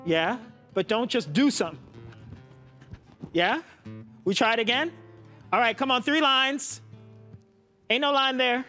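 A man's voice: extremely high pitch, animated, a little slow, long pauses, pushed and bright, soft background music. A man coaching a contemporary dance class, coaxing his students and often checking with a "yeah?". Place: dance studio.

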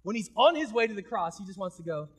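Male pastor, sermon, high voice, slightly husky, casual conversational preaching, loud bursts then hushed intensity. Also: animated, quick pace. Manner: swings between loud emphatic bursts and quiet intensity.

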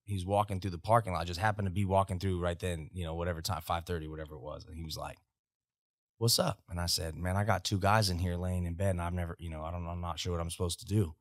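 Fast-talking and deep-voiced, this American veteran in his thirties tells profane, animated army anecdotes as a podcast guest. The casual storytelling is recorded dry on a podcast studio mic, studio quality.

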